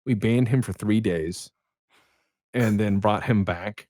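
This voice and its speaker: A man's voice: fairly low pitch, slow pace, darkish tone, dry recording, studio quality. A young adult man, a podcast guest, telling rambling, profane stories in casual chat.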